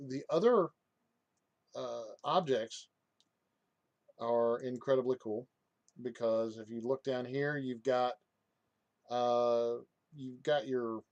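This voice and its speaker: Man, software reviewer, slow deliberate pace, hesitant with fillers, dry close recording. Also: mid-range voice, no echo, muffled recording. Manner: hesitant, many fillers and restarts. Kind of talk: casual screen-recorded tutorial.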